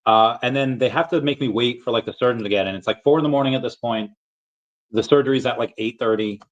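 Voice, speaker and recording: A man's voice: mid-range voice, quick pace, highs cut off. Rambling man telling a story on stream. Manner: rambling, animated anecdotes, acts out quotes, frequent fillers. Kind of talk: casual livestream storytelling.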